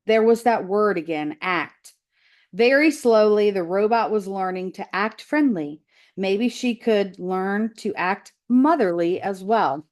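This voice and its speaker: A woman teacher reads a children's novel aloud at a slow, careful pace. Her storytelling is expressive, with lively emphasis on the narration. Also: medium pitch.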